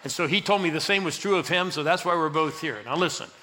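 A man's voice: a little high, quick pace, a little hiss or hum. An older man, a pastor, telling a story in a sermon and acting out the dialogue as he urges the congregation on. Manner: animated, acts out the dialogue, urges the crowd.

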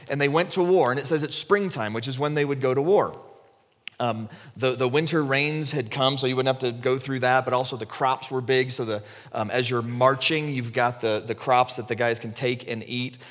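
A man preaching a conversational sermon, retelling the story animatedly and dropping his voice low for emphasis. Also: a bit bright, big-room sound.

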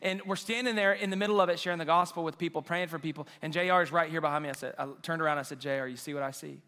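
A man's voice: a little high, fairly even intonation, very fast, sharp tone, long reverb tail. A man preaching a sermon, telling a story emotionally and acting out the dialogue. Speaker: pastor. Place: church auditorium.

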